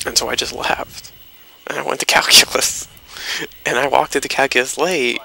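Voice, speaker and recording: Gravelly young man rambling through a story. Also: mid-range voice, steady tone, moderate pace, sharp tone, poor audio. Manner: rambling, swearing, loose anecdotal delivery. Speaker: gaming commentator. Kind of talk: rambling storytelling over gameplay.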